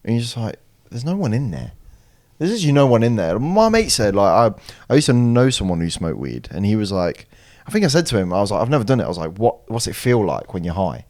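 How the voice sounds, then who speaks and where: A man's voice: fairly low pitch, quick pace. A young man on a podcast, chatting casually and acting out friends' lines as he tells stories. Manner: animated storyteller, acts out friends' lines. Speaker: podcast co-host. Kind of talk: casual chat.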